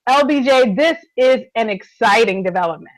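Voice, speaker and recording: A woman's voice: on the high side, animated, moderate pace, dry recording, poor audio. A woman co-hosting a casual TV recap show, talking eagerly and often turning to her co-host by name. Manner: enthusiastic, keeps addressing her co-host. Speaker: podcast co-host.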